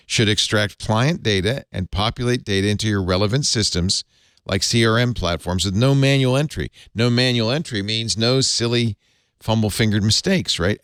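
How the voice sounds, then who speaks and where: A man's voice: fairly low pitch, a bit bright, dry recording, clean studio sound. A man hosting a tech news panel show, chatting and reading a sponsor ad with many fillers and restarts. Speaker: host. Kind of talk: tech news panel chat and live ad read.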